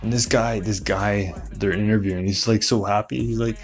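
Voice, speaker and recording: A man hosting a comedy show, rambling through a conspiracy-style monologue full of fillers and quick put-on voices for other people. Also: on the low side, fairly even intonation, soft background music.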